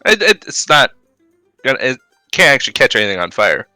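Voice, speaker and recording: A man playing a tabletop game, tossing in quick, jokey remarks. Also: mid-range voice, sing-song, pushed and bright, dry recording, faint music behind. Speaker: player. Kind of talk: casual tabletop game play.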